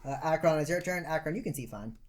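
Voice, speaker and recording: A man narrating and ruling as game master in a tabletop game, pausing with fillers. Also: on the high side, expressive. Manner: hesitant, lots of fillers while ruling.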